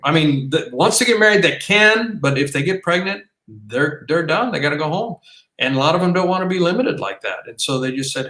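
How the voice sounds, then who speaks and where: A man's voice: on the high side, animated, a little fast, sharp tone. A man co-hosting a casual podcast, talking in a rambling way with many restarts and fillers. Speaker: podcast co-host. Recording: roomy echo.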